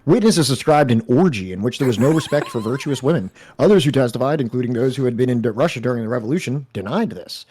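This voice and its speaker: A man's voice: medium pitch, dark tone. A man co-hosting a casual podcast, reading passages from a history book aloud and laughing often between them.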